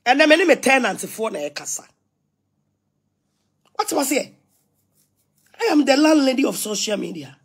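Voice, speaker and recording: A woman's voice: high-pitched, very animated, moderate pace, long pauses, husky. A middle-aged Ghanaian woman ranting on social media, defiant and scolding, repeating herself as she mixes languages. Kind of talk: ranting live video.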